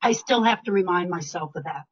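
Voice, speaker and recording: An older woman coach giving a live webinar talk, animated and emphatic, often dropping her voice low or to a whisper for effect. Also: a little fast, slightly rough. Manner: animated, emphatic, varies loudness, drops to whispers. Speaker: speaker and leadership coach. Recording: dull lo-fi webinar audio.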